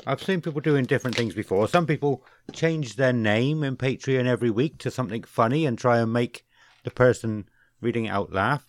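A man co-hosting a podcast, joking around, stumbling over and correcting his words, reading names in a slow, drawn-out way. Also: medium pitch, no room sound. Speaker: podcast co-host. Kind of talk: casual podcast chat.

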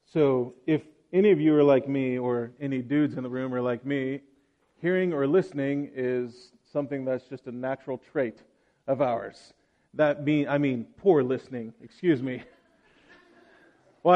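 A man preaching a sermon in a church hall, reading scripture and then talking in a relaxed, conversational way with joking asides. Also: mid-range voice, moderate pace, lo-fi sound.

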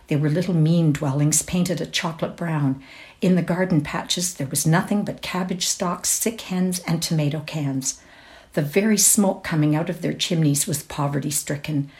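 Woman reading a short story in a low voice. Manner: measured, expressive. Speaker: reader.

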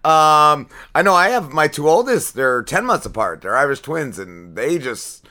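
Lively, bright-voiced man hosting a chat. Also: on the high side, moderate pace. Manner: swears freely, laughs often. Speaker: podcast co-host. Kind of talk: casual interview chat.

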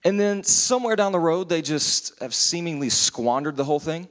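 A man's voice: a little high, expressive, moderate pace, a bit bright. Male pastor, earnest and casual, church hall echo. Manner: earnest, conversational, with many restarts. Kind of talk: sermon. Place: church sanctuary. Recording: long church hall reverb.

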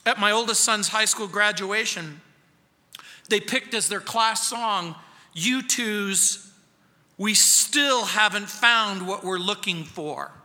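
A middle-aged man preaching a sermon as pastor, emphatic, swinging between loud and hushed. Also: sits high, takes it slowly, in a large hall. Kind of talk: expository sermon. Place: church sanctuary.

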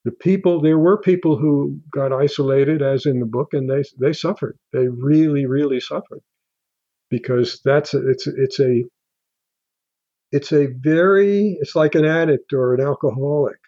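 An older man talks in a mellow, soft-edged voice, stopping and restarting his sentences as he goes. The sound is dry and slightly dull. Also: a little high, dry recording. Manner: halting, with many restarts and fillers. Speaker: guest author. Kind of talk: casual interview talk.

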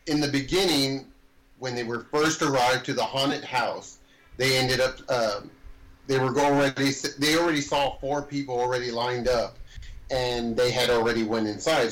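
A man's voice: mid-range voice, a bit bright, low-quality recording. A man in casual chat about a horror movie, meandering, correcting himself, and swearing mildly.

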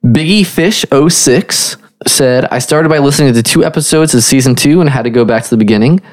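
A man's voice: medium pitch, brisk. A man in his twenties co-hosting a podcast, easygoing and affirming as he chats and reads out listener reviews. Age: 20s. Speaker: podcast co-host. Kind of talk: casual podcast chat, reading listener reviews.

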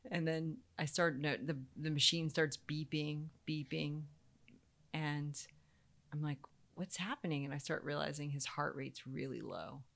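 A woman in her thirties telling a personal story in a casual way, animated and acting out the voices of the people she quotes. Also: low voice, a little slow, creaky. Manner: animated, acts out quoted voices, laughs often.

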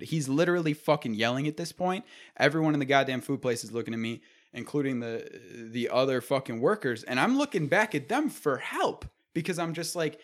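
A man's voice: medium pitch, moderate pace. Young guy in his twenties ranting through a story, swears a lot, does the voices of people he quotes. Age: 20s. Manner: profane, animated storytelling, acting out quotes. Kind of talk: casual storytelling chat.

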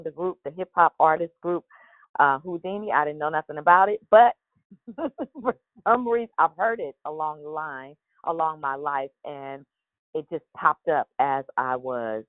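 A woman's voice: low-pitched, no echo. Chatty woman on a tinny phone line. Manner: chatty and rambling, with many restarts and fillers. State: morning voice. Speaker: host of a daily prayer call. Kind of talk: casual devotional talk.

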